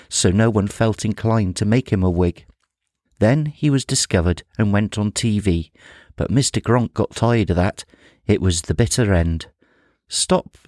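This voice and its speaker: A man reading a humorous children's story aloud in a playful, expressive way. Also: fairly low pitch, dry recording, studio quality.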